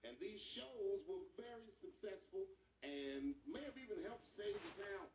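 Animated male stand-up comic, roomy. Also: high voice, normal speed, distant mic, a little hiss or hum. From Ohio. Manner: animated, mocking punchlines, puts on other voices. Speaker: stand-up comedian. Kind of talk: stand-up comedy set. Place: stage before a live audience.

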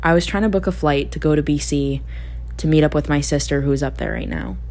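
A young woman with a low voice speaks candidly in a reflective personal monologue. She thinks aloud, restarts her sentences and laughs easily as she goes. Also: brisk, darkish tone. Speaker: podcast host.

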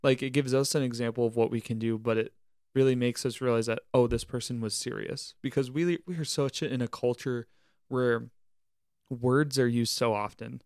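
A man's voice: mid-range voice, steady tone, normal speed, a little mellow, clean tone, no echo, studio quality. Earnest young man co-hosting a podcast. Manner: earnest, preachy, uses church wording. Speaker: podcast co-host, camp staffer. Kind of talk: casual reflective podcast chat.

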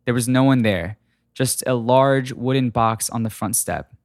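A man reading a comic ghost story aloud in a wry, deadpan way. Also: medium pitch, measured pace, no echo, studio quality. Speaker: narrator. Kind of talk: storytelling narration.

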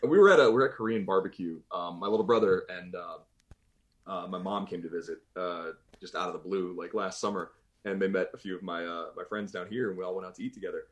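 A man's voice: low-pitched, fast talker, highs cut off. A man from Boston, a voice actor, chatting casually in an interview, rambling and restarting his sentences and laughing easily. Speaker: voice actor guest.

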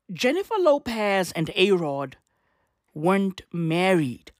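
A woman's voice: lowish voice, big pitch swings, slow, no room sound, studio quality. A woman ranting through news commentary, profane and slangy, firing off rhetorical questions.

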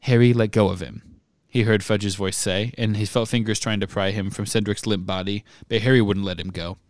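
A podcast host reading a book chapter aloud in measured, even narration. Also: male voice, on the low side, no echo, clean studio sound.

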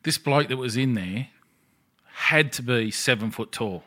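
An Australian man co-hosts a podcast, telling stories in a casual, sweary, animated chat. His voice is medium-pitched and his pace measured.

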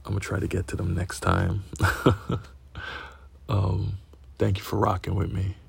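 A man's voice: sits low, monotone, unhurried, no echo. A young man hosting a podcast, telling a crude story in a profane, laughing, casual way. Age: young adult. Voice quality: gravelly, husky. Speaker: podcast host.

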